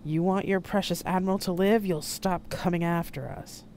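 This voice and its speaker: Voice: medium pitch, lively intonation, fairly quick, darkish tone, a little hiss or hum, close to an everyday voice. A narrator voicing a sneering young male extremist. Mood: threatening. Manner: sneering, threatening.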